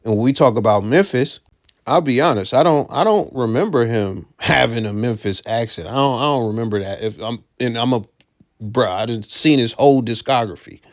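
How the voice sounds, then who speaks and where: A man's voice: mid-range voice, normal speed. A man giving casual commentary, blunt and profane, who repeats his key points for emphasis.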